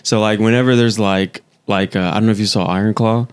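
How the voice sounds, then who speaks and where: A man's voice: fairly low pitch, brisk, clean tone. A man in casual podcast chat, telling stories animatedly and swearing now and then. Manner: animated storytelling, swears, speeds up. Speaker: podcast guest.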